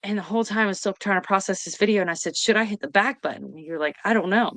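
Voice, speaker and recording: A woman, hosting a casual chat and retelling a story in an excited, rambling way. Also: medium pitch, very fast, no echo. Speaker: host.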